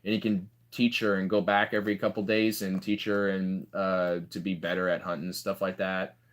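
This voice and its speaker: A man's voice: sits low, level tone, normal speed. A young man in casual chat, rambling through stories with lots of fillers and restarts. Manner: rambling, filler-heavy storytelling.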